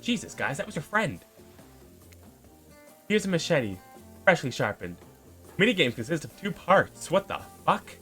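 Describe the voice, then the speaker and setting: A man's voice: mid-range voice, wildly swooping pitch, moderate pace, pauses often, bright, forceful tone, soft background music. A man playing a dating sim, reading its text aloud and reacting with playful jokes. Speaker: let's play gamer.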